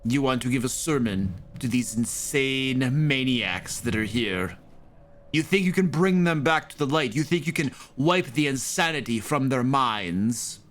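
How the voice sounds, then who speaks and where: A stern holy abbot who lectures in lofty, preachy sentences, as a man voices him at the game table. He speaks slowly and deliberately. His voice sits at a middle pitch. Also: lively intonation, a bit bright. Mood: haughty. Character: stern, pompous male abbot of a holy order. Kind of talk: tabletop role-play.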